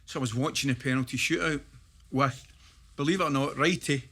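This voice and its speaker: A middle-aged Scottish man, a former footballer, chatting as a podcast guest and telling stories with animated laughter. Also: medium pitch, brisk. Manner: animated storyteller, laughs through his stories. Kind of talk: casual podcast chat, anecdote telling.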